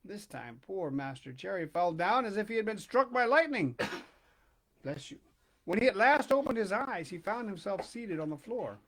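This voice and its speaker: A man reading a children's storybook aloud, expressive and dramatic, with hushed pauses. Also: sits high. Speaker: narrator.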